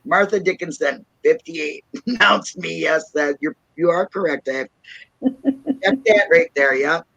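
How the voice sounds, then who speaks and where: Woman, middle-aged, Minnesota accent, livestream host, chatty, laughs a lot, bright, lively, dry close mic. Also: low-pitched, a little slow, vocal fry, slightly rough, dry recording, dull audio. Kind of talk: casual chat.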